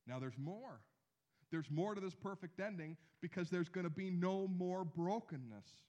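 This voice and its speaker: A man in his thirties preaching a sermon, animated, with slow emphatic phrases and drops to near a hush. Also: high voice, lo-fi sound. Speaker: pastor.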